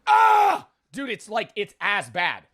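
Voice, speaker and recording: A young man on a livestream swears through a rambling, exasperated running commentary. His bright, forceful voice sits a little high and swings widely in pitch. He keeps reacting to the lingering heat of spicy food. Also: expressive, unhurried, dry recording. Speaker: streamer. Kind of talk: casual livestream chat.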